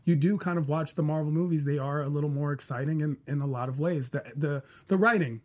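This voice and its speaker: A man's voice: fairly high pitch, fast talker, a little mellow. A man on a casual panel discussion, giving opinionated arguments point by point. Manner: opinionated, argues in numbered points.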